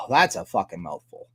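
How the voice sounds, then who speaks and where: Animated swearing Canadian man ranting. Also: fairly high pitch, gravelly, slight background noise. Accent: Canadian English. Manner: profane, ranting, laughs often. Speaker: livestream host. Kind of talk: casual livestream commentary.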